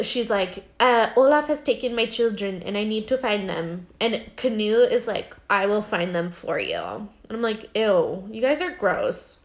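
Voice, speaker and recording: A woman casually recapping a TV episode as a podcast co-host, talking animatedly with lots of fillers and acting out the characters' lines. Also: medium pitch.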